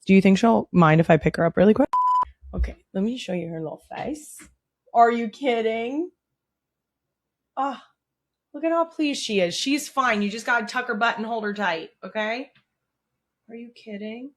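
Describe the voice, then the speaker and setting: A young woman hosting a podcast in casual chat, gushing and dropping into soft whispers as she coos over animals in the studio. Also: fairly high pitch, moderate pace, no room sound. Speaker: podcast host. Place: indoor studio.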